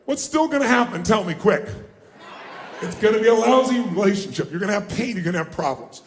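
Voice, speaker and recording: High-pitched man pumping up a crowd. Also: fairly quick, roomy sound, slight background noise. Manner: energetic, calls out questions and prompts the crowd to answer. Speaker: motivational speaker. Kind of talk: live seminar talk to an audience. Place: large room with a live audience.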